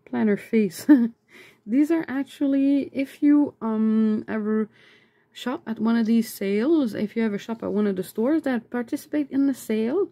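A vlogger chats casually at a normal pace while unboxing sticker mail, excitable and talkative, breaking into high squeals whenever something cute appears.

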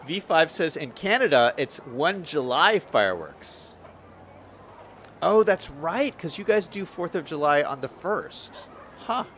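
A young man chats casually through a city-building livestream, reading viewer comments aloud. His voice sits a little high and his pitch swings animatedly. He is relaxed and talkative, full of fillers and restarts. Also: a little slow, a little hiss or hum. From Western United States. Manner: chatty, lively, reads chat aloud with frequent fillers. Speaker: streamer.

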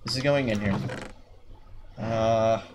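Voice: mid-range voice, slow pace. A gamer doing let's-play commentary, swearing constantly and grumbling at the game's animals. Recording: noisy with keyboard clicks. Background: keyboard typing.

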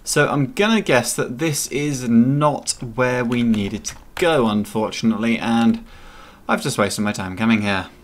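Male gaming host, mid-pitched, chatty, playful play-by-play. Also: measured pace. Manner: chatty, playful, talks to game characters. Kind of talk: casual gameplay commentary.

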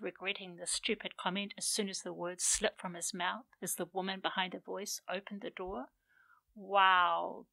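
A woman author reading aloud her romance novel in an unhurried, intimate storytelling manner. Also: on the low side, vocal fry, bright, forceful tone, no echo, low-quality recording. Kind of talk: audiobook narration.

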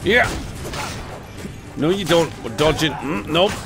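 Unhurried man commentating gameplay. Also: a little high, creaky. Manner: excitable, swears, hums tunes. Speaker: let's play host. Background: game music.

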